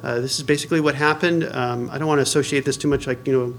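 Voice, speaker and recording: A man's voice: mid-range voice, fairly even intonation, fast, a little hiss or hum. A man, a pastor, preaches a sermon in a conversational way, with many fillers and restarts, and asks the congregation questions.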